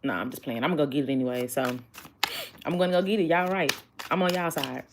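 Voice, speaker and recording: A woman's voice: low-pitched, animated, rapid-fire, noisy background. A chatty woman doing a casual tarot reading, blunt and joking with her viewers. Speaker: tarot reader.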